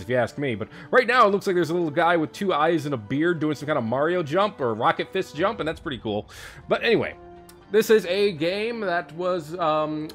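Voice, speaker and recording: A young man hosting a let's play, chatting excitably and reading game text aloud over faint music. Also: on the high side. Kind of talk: casual gameplay commentary.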